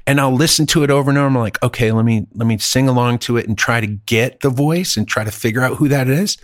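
A man's voice: mid-range voice, quick pace, dry recording. Easygoing man, dry close voice. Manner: easygoing, puzzled, says dude. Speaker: musician. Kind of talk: casual chat.

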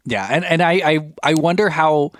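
A man's voice: on the high side, moderate pace, a bit bright, no room sound. A man co-hosting a podcast, talking casually in a rambling, jokey way. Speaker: podcast co-host. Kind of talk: casual chat.

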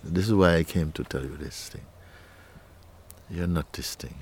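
A male spiritual teacher speaking to a listener in a gentle, playful way, laughing often and using nonstandard English grammar. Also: extremely low pitch, moderate pace, a little hiss or hum. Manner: gentle, playful, laughs often, repeats "you see" and "huh".

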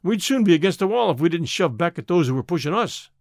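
A domineering gang boss fires off hard, probing questions and blusters with menace, voiced by a male audiobook narrator. The voice sits higher than usual and swings widely in pitch, and the sound is dry and close. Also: sing-song, fast, no echo. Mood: blustering. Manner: blustering, interrogating. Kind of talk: audiobook character reading.

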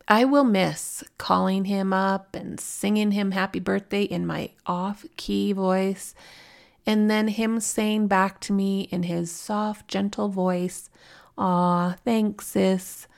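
Gravelly-voiced woman podcast host, candid. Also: mid-range voice, steady tone, takes it slowly. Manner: candid, heartfelt, emotional. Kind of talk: personal storytelling podcast.

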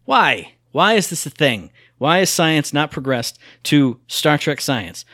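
A man's voice: fairly high pitch, expressive, measured pace, bright, forceful tone, no echo, studio quality. A man co-hosting a podcast, chatting casually and ranting with exasperated humor. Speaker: podcast co-host.

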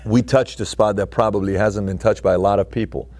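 A man with a somewhat low voice is talking as a podcast guest. He tells stories in an animated way, often restarting and repeating his words as he goes. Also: a little fast. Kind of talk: interview conversation.

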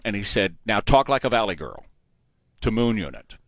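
A man's voice: fairly low pitch, sing-song, brisk, fairly bright tone, no echo. A man hosting a morning talk radio show, blunt and opinionated, speaking into a studio microphone. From Texas.

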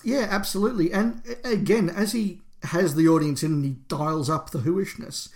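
A man's voice: high-pitched, normal speed. A man co-hosting a fan podcast, talking enthusiastically and in detail in casual discussion. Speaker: podcast co-host.

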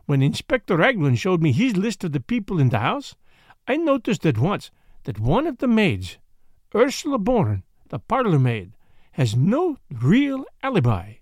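A man's voice: high-pitched, wildly swooping pitch, darkish tone, no room sound, studio quality, heavily acted. A man voicing Hercule Poirot, grave and pompous. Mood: explaining. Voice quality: pompous, deliberate. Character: grave self-assured male Belgian detective, middle-aged. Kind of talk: audiobook character reading.

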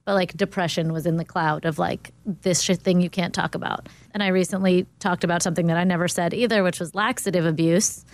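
A woman's voice: on the low side, steady tone. A woman in a casual talk-show chat, responding in an affirming, supportive way. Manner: affirming, supportive, quick to agree.

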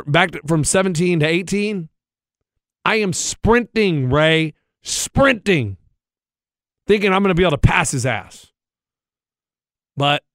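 A man's voice: fairly high pitch, dry recording, clean studio sound. A man, podcast co-host, telling a story in a worked-up, ranting, profane way. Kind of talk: casual chat, storytelling.

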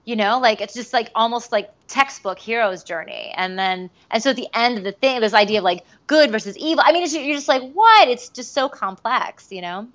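A woman guest in a casual interview, talking in an animated way with many fillers and restarts. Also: on the high side, fairly quick, hardly any pauses. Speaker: voice actress guest. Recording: dull lo-fi recording.

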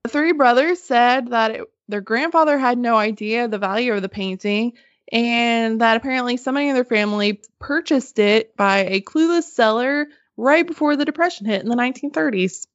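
A woman casually telling a story on a podcast, animated and swearing freely, laughing as she goes. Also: fairly high pitch, normal speed, no echo. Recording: slightly muffled dry podcast audio.

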